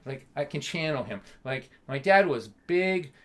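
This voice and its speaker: A middle-aged man telling a comic family story to a camera, animated and acting out voices. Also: on the high side, unhurried. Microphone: camera mic.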